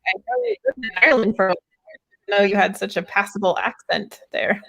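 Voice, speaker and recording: Gravelly-voiced woman herbalist guest. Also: medium pitch, very animated, a little fast, bright, forceful tone, poor audio. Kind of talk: live online members' chat.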